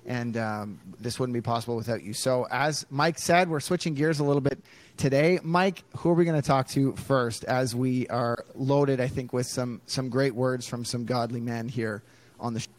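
A man's voice: mid-range voice, normal speed. A man co-hosting a podcast in a loose, casual way, with many fillers. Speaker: podcast co-host.

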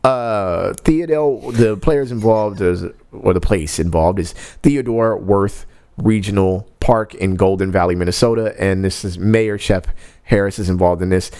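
Laid-back low-voiced man telling stories. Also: measured pace, a little mellow, no room sound. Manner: laid-back, laughs often, slangy. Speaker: podcast co-host. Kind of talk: casual chat, storytelling.

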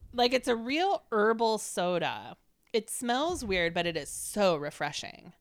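A woman's voice: mid-range voice, sing-song, a little slow, dry recording, studio quality. A woman in her forties chatting casually on a podcast, full of "like" fillers. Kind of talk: casual chat.

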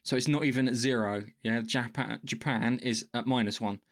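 Excitable man chatting on a podcast. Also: medium pitch, moderate pace. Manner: excitable, swearing, many restarts. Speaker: podcast co-host. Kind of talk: casual podcast chat.

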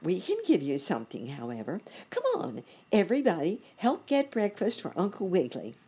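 A woman voicing a kind, bustling ant who wears glasses, in a squeaky high voice. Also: wildly swooping pitch, measured pace, mellow, husky, heavily acted. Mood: welcoming. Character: excitable bespectacled ant, kindly and bossy.

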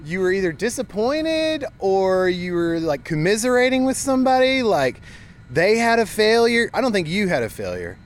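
A man's voice: sits high, big pitch swings, moderate pace. A young man hosting casual street interviews on campus, joking and upbeat. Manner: jokey, upbeat, chatty. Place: office, then outdoors on campus.

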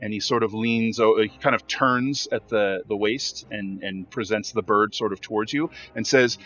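A man's voice: lowish voice, moderate pace, few pauses, a bit bright. Man, game master narration, many fillers, dull lo-fi sound. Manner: descriptive, filler-heavy narration.

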